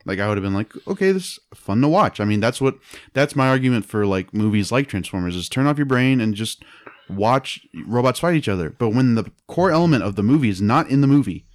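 A man's voice: on the low side, fast. A man in casual chat, rambling through a movie recap with lots of fillers and laughter. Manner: rambling, animated retelling with silly voices and laughs.

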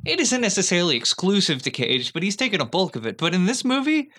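A man co-hosting a casual movie-review podcast, relaxed and opinionated. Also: sits high, fast. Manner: relaxed, opinionated, uses fillers. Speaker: podcast co-host.

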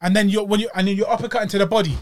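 A man's voice: high voice, fairly even intonation, very fast, darkish tone. A man with a London accent, co-hosting a podcast and critiquing a boxing match in casual, slangy chat. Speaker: podcast co-host.

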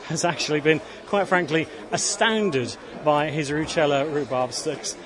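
A man hosting a radio show outdoors, teasing and joking with his guests. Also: fairly high pitch. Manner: jokey, teasing, quick-talking. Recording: busy outdoor crowd behind.

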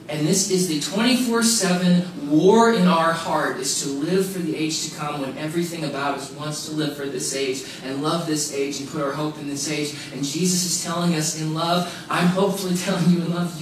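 A man delivers a sermon with emphatic repetition and casual asides. His voice sits high, and the recording is heavily echoey, picked up from a distance with faint background noise. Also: steady tone, moderate pace. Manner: emphatic, repeats key phrases, casual asides. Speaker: pastor. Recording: very echoey room, mic far off, faint noise.

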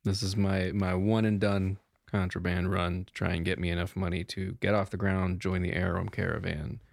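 Gravelly, low-voiced role-player. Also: male voice, flat delivery, moderate pace, dry recording, clean studio sound. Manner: easygoing, persuasive salesman patter, laughs often. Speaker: player voicing a smuggler. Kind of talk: tabletop role-play.

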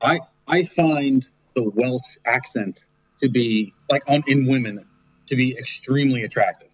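A man joins a podcast in casual banter, halting and a little self-conscious. His voice is mid-pitched, and the sound is dull and lo-fi with a dry, close feel. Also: slightly rough, dry recording. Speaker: podcast guest.

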